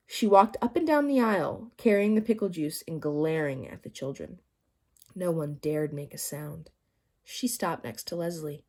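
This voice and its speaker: A woman narrating a children's novel aloud in a lively storytelling manner. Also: on the low side, moderate pace. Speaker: audiobook narrator.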